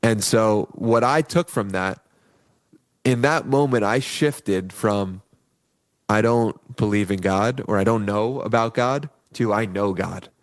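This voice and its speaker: A man's voice: lowish voice, slow. A young man guest in a podcast interview, telling personal stories in an earnest way and acting out the voices of people in them. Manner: earnest, acts out quoted voices in his stories. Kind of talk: conversational interview storytelling.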